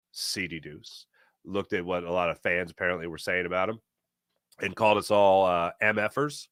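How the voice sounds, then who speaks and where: A man hosting a sports talk podcast, opinionated and animated, often acting out what others said. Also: low-pitched, no room sound, studio quality. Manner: animated, opinionated, acts out quoted voices. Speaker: podcast host. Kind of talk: casual sports talk monologue.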